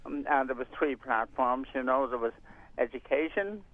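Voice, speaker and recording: Interviewed on the radio through a tinny, dry phone-line connection, an older community radio volunteer and presenter speaks expressively in a mid-range voice at a moderate pace. He tends to ramble and hesitate, using many fillers and restarting often.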